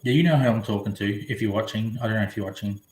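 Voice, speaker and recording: A man's voice: lowish voice, rapid-fire, a little mellow, slight background noise. A man chatting casually on a live stream, rambling and reading viewers' comments aloud. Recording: echoey room.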